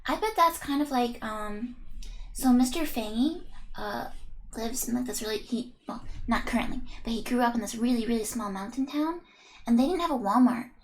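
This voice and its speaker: A woman's voice: a little high, lively intonation, normal speed, slight background noise. A woman streaming a game, reading its text aloud and chatting playfully with her viewers, giggling as she goes.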